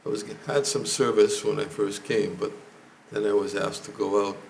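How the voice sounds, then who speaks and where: Older man, hoarse, halting temple lecture, flat gravelly delivery, faint background noise. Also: on the low side. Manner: halting, with frequent throat clearing. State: hoarse, losing his voice. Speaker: temple speaker. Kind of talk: lecture to a congregation. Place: temple hall.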